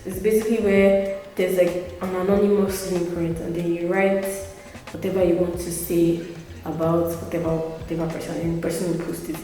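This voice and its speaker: A woman's voice: fairly low pitch, steady tone, brisk, warm tone, distant mic, faint music behind. Chatty young woman in an echoey room. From Africa. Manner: chatty, filler-heavy, frequent "like" and "right", laughing asides. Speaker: interview guest. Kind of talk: casual storytelling.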